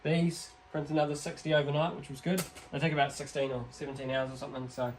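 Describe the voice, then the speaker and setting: A man's voice: a little high, flat delivery, quick pace. A man from New chatting in a laid-back, slightly hesitant way on a shop vlog. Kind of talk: casual chat. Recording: faint background noise.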